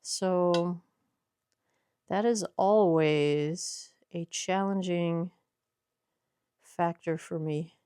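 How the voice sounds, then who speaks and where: A woman's voice: on the low side, fairly even intonation, drawn-out words, long pauses, dark tone, smooth, dry recording, clean studio sound. A woman casually chatting to viewers as she works in her workshop, explaining steps and correcting herself as she goes. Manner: chatty, explains while working, self-correcting. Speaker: small business owner making skincare. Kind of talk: casual vlog with instructions.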